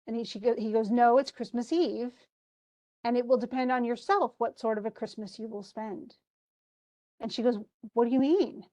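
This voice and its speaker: A woman's voice: on the high side, steady tone, moderate pace, a little mellow. A woman teacher walking a class through a play scene, reading the characters' lines aloud between her own explanations and restarts. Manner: reads quoted lines aloud with restarts and asides. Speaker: literature teacher. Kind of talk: lecture retelling a play scene.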